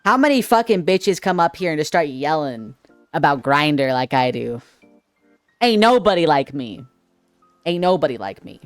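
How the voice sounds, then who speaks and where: Man, livestreamer, sassy and playful, bouncy pitch, headset mic, dry sound. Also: lively intonation, normal speed, no echo, soft background music. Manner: playful, sassy, sometimes screaming. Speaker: livestreamer reading chat. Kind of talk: casual stream chat.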